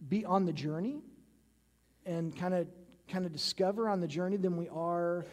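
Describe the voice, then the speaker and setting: High-voiced male pastor in echoing hall. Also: mellow. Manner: casual, frequently adds tag questions like "right?". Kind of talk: conversational sermon. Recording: long reverb of a large hall.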